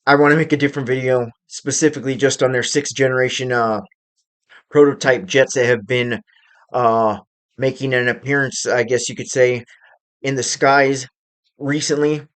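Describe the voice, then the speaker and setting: A man hosting his own channel, giving casual, unscripted commentary on current events and pausing often to find his words. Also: medium pitch, steady tone, fairly bright tone. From United States. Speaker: channel host.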